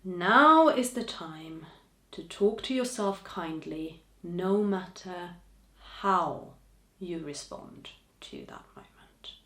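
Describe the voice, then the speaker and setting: A woman hosting a podcast, speaking to listeners in a gentle, encouraging way with soft trailing endings. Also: on the low side, expressive, takes it slowly, roomy sound. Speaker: podcast host. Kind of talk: reflective podcast monologue.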